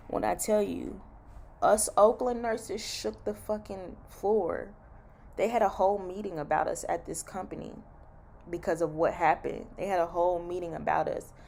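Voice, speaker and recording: A woman's voice: fairly low pitch, vocal fry, a little hiss or hum. A woman who works as a travel nurse, telling a story in an emphatic rant and repeating key lines for effect.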